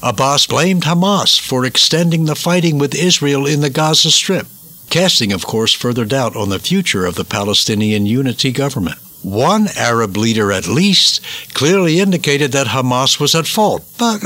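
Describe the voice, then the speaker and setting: A man's voice: medium pitch, very animated, normal speed, sharp tone, dry recording. An American man giving preachy political commentary, emphatic and indignant, repeating words for stress. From United States.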